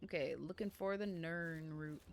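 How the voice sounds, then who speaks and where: A woman streamer chatting casually over her gameplay in an animated way, laughing often. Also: sits low, measured pace, slight background noise.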